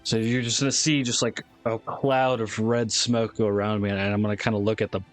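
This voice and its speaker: A man's voice: lowish voice, little pitch movement, a little fast, faint music behind. A man taking his turn as a player in a tabletop game, hesitantly describing his character's actions in first person.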